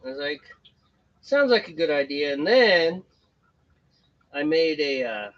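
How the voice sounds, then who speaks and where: A man's voice: on the high side, very animated, unhurried, highs cut off. A man co-hosting a homebrew stream, chatting casually and joking while he brews. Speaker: homebrew show co-host. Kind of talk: casual chat while brewing on a live stream.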